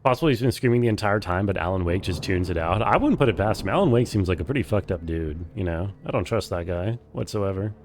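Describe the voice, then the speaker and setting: A man's voice: sits low, animated, fast talker, few pauses. A young man streaming a game, joking and profane in casual gameplay commentary.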